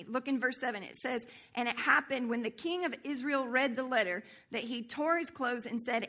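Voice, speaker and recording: A woman's voice: a little high, moderate pace, hardly any pauses. A woman worship pastor preaching, reading scripture aloud and explaining it, checking in with her listeners as she goes. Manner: animated, asks the congregation for agreement.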